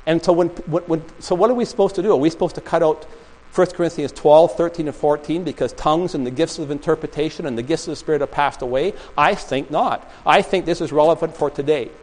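Speaking fast with a fairly high, darkish voice, a pastor rambles through a storytelling sermon in a small church, restarting again and again. The audio is poor.

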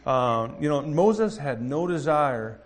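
A man in his thirties preaching a conversational sermon, animated and acting out quoted voices. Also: a little high, slow pace. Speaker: pastor.

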